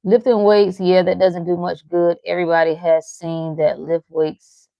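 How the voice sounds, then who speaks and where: A woman's voice: fairly low pitch, little pitch movement, normal speed, vocal fry, no echo, muffled recording. A woman hosting a live motivational talk, speaking frankly and profanely, teasing her listeners with short laughs as she reads their comments. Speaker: livestream host reading chat.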